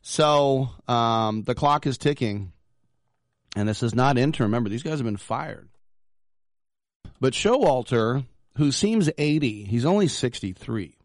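A man's voice: medium pitch, animated, measured pace, dry recording, clean studio sound. A man hosting a sports radio show, talking casually in a rambling, jokey way with lots of fillers. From San Francisco Bay Area, US.

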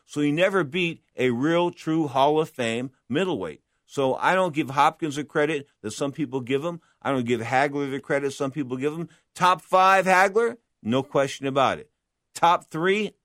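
This boxing commentator's voice sits on the high side and is fairly bright, recorded dry with studio quality at a normal pace. He talks boxing history in a blunt, emphatic, opinionated monologue, frequently asking and answering his own questions.

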